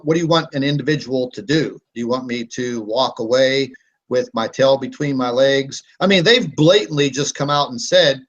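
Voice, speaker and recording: A man's voice: mid-range voice, highs cut off. Defiant man hosting a live online hangout. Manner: defiant, combative rant with frequent fillers. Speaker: host of a live online broadcast.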